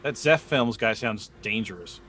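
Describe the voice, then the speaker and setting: A man's voice: fairly low pitch, animated, moderate pace, over a noisy crowd. An American man co-hosting a live podcast, chatting casually in a rambling way with lots of restarts and fillers. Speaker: podcast co-host. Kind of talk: casual live-stream chat.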